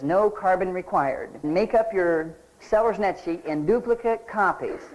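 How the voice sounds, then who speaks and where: A man's voice: sits high, poor audio. A man teaching a real estate sales seminar, telling folksy anecdotes and asking his listeners questions as he goes. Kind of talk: recorded seminar lecture.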